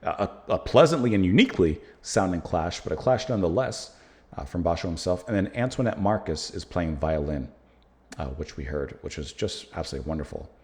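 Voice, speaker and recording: Male host with an American accent, relaxed music-review chat, fairly low pitch with very animated ups and downs. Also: brisk. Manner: musing, thinks aloud with many fillers. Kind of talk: casual music reaction and review.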